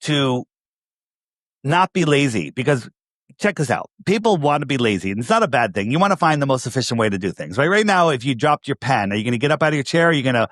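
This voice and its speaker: A man with a New York accent talks in a casual interview, insistent and repetitive, peppering his points with rhetorical questions. His voice sits at an ordinary pitch. The sound is dry and close. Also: very animated, quick pace, fairly bright tone, no room sound. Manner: emphatic, repeats phrases, asks rhetorical questions. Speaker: podcast guest.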